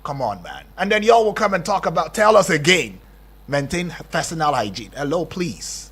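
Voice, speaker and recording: A man with a Nigerian accent hosting a radio show, animated and exclaiming, often repeating himself. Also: on the high side, moderate pace, husky. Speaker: radio host. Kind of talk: casual radio chat.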